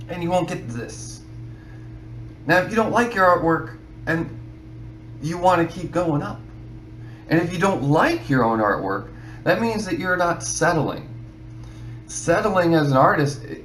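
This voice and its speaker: A man's voice: on the high side, reverberant, a little hiss or hum, low-quality recording. A man giving casual advice to other artists, rambling and filling his talk with "you know". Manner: rambling, repeats himself, many "you know"s.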